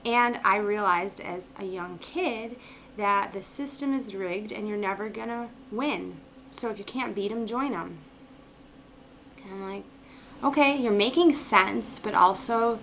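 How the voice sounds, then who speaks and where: Woman, bright tense voice, animated profane storyteller, slight background noise. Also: medium pitch, a little slow. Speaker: vlogger. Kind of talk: casual storytelling.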